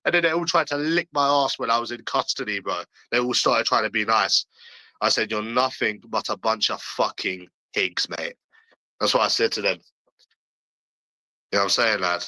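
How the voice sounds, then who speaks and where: A man rants on a livestream and talks straight to his chat. His tone is strikingly sharp and tense, his delivery blunt and full of swearing, and he keeps circling back to the same points. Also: medium pitch, fairly quick, dry recording, low-quality recording. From London, England. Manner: blunt, profane, repetitive ranting.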